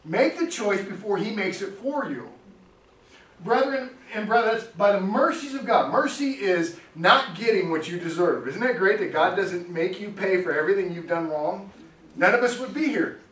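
High-voiced man preaching in an echoey church. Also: animated, normal speed, a bit bright. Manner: chatty, storytelling preacher who laughs often. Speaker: pastor. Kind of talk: sermon. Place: church sanctuary. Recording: echoey church hall, distant mic, faint noise.

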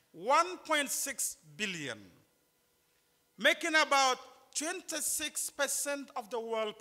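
A man's voice: very high-pitched, bright, forceful tone. A man from northern Ghana with a Ghanaian accent, speaking emphatically at a chapel conference, repeating key points and joking with the students. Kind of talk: preaching lecture to students. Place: large chapel. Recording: long chapel reverb.

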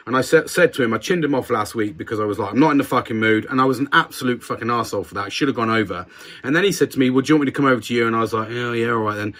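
A man's voice: medium pitch, racing, a bit bright. A man co-hosting a podcast, talking candidly and swearing in casual banter. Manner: sweary, candid, self-deprecating. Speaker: podcast co-host.

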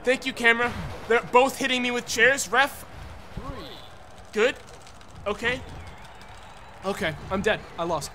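A man streaming a video game, ranting and swearing in exasperation and often breaking into shouts. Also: extremely high pitch, a little slow, long pauses, a little hiss or hum. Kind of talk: live gameplay commentary.

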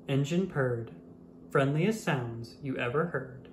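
Someone reading a kids book out loud, bouncy rhymes, faint hiss behind. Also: medium pitch, a little slow. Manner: sing-song, expressive rhyming delivery. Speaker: storybook reader. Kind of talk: children's read-aloud narration. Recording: roomy echo with faint room noise.

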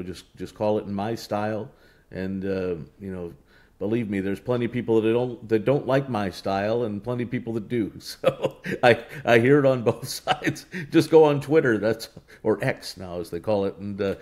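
A man with a fairly low voice speaks as a race announcer being interviewed. He tells his stories loosely, circling back with fillers and restarts. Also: normal speed. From United States. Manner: relaxed storytelling with many restarts and fillers. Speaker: horse racing announcer, guest. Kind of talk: casual interview talk.

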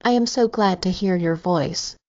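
A woman's voice: fairly low pitch, normal speed, mellow, no room sound, natural voice. A woman reading an anxious, tearful young man. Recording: slightly dull, dry recording.

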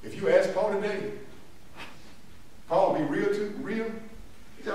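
A man's voice: sits high, fairly even intonation, measured pace, pauses often, a little mellow. A man pastor teaching a Bible lesson in a church, emphatic and repetitive, laughing between his points. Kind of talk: call-and-response church teaching. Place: church sanctuary. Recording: echoey room from far off, some noise.

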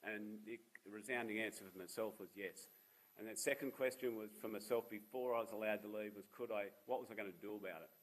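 A man's voice: fairly low pitch, steady tone, fairly quick, rough recording. A man in his fifties with an Australian accent, giving a seminar talk as a charity founder, telling personal stories with self-deprecating humour. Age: 50s. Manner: humorous, self-deprecating storyteller. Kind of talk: public talk with personal anecdotes.

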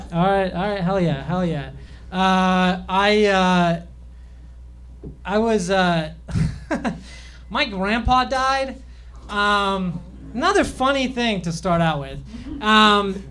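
A man's voice: sits high, a bit bright. A young man doing a rambling, self-deprecating stand-up set on a comedy club stage, with plenty of fillers and restarts.

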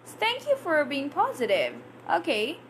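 A woman's voice: high-pitched, wildly swooping pitch, a little slow, a bit bright, a little hiss or hum. A woman English teacher answering viewer questions in a live lesson, reading out comments and demonstrating pronunciation. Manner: chatty, reads out viewer comments and answers them; demonstrates pronunciation by exaggerating words.

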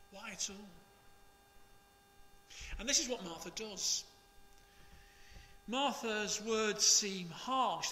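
A man, a priest, reading the Gospel and preaching in a slow, measured, expressive way. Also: high voice, long reverb tail, a little hiss or hum.

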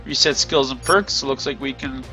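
A tired, yawning gameplay video creator speaks at medium pitch and normal speed with a bright, forceful tone over soft background music. Exploring a game, he gives casual commentary and thinks aloud, full of ums and hedges.

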